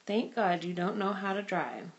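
A talkative middle-aged man with a teasing, good-humored manner, chatting from behind the wheel, as a woman voices him in a storybook reading. His voice sits at an ordinary middle pitch. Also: expressive, moderate pace, dull audio, natural voice.

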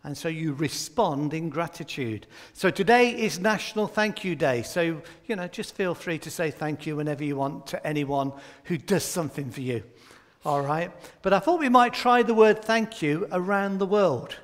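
A man's voice: on the high side, normal speed, long reverb tail. Jokey man quizzing children. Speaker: church leader giving a children's talk. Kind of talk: playful all-age children's talk in a church service.

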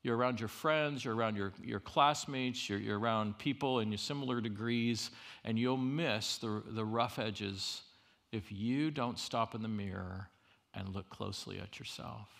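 Male preacher, middle-aged, gravelly, bright edge, animated sermon, loud then hushed. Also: medium pitch. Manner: animated, swings from loud emphasis to quiet asides; humorous storytelling. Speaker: university chapel speaker.

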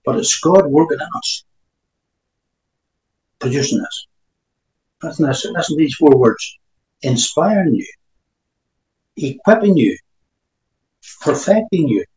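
A man's voice: a little high, lively intonation, measured pace, pauses often, a little mellow. Emphatic preacher man, echoey hall. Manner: emphatic, reads scripture aloud between remarks. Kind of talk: sermon.

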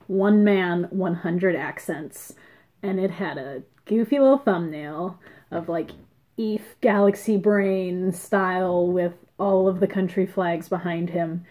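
A woman's voice: mid-range voice, warm tone. A woman hosting a casual video, rambling with lots of "like" fillers and giggling. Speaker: video host. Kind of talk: casual chat.

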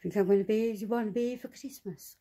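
A woman ranting angrily and swearing, talking to her viewers from inside her flat. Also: medium pitch, fast. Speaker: vlogger. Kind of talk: angry monologue to camera.

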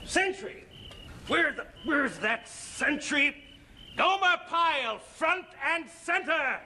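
A barking army officer. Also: male voice, very high-pitched, animated, slow, pushed and bright, slight background noise, exaggerated voice. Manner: barks orders, exasperated. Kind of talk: 1960s TV sketch acting.

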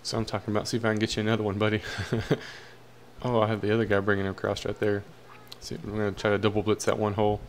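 With a lowish, monotone voice, a young man races through casual commentary on his own football video game. He cheers and groans at plays over slight background noise.

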